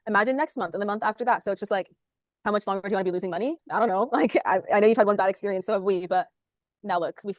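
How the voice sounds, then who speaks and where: A woman, a sales manager, talking fast and upbeat as an interview guest over a video call, with lots of "like" fillers. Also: medium pitch, dry recording, studio quality. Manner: rapid, upbeat, full of "like" fillers.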